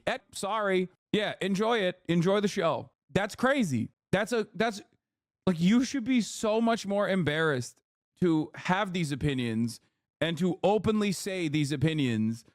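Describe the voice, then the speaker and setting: A man's voice: sits high, animated, unhurried, no room sound, studio quality. A man in his thirties streaming, giving blunt, sarcastic, profane reaction commentary to a video.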